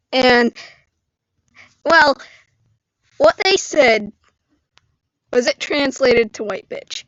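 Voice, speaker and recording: A woman vlogger telling a story on a live stream in an animated way, acting out the lines people said. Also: sits high, no room sound, dull audio. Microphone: screen-recorded live stream mic.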